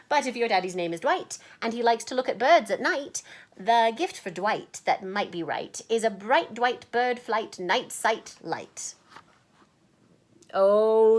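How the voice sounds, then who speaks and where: Woman, children's book reading, playful asides, lively rising and falling pitch, unhurried. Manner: playful, chatty asides between verses; sometimes drops to a whisper.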